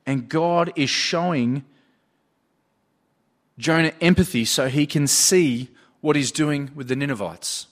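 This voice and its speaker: A man's voice: a little high, slow, long pauses. A man preaching a sermon, earnestly telling stories from his own work and retelling what people said. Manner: earnest, storytelling with retold dialogue.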